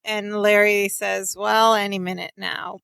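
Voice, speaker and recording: A woman's voice: medium pitch, level tone, measured pace, vocal fry, fairly bright tone, clean tone, no room sound. A woman co-hosting a rewatch podcast, chatting through sitcom scenes with lots of "like". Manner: chatty, narrates scenes with filler "like". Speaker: podcast co-host. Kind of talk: casual rewatch recap chat.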